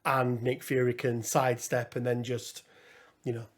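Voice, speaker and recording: A man's voice: medium pitch, flat delivery, moderate pace. A man co-hosting a casual gaming podcast, thinking aloud with fillers and restarts. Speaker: podcast co-host.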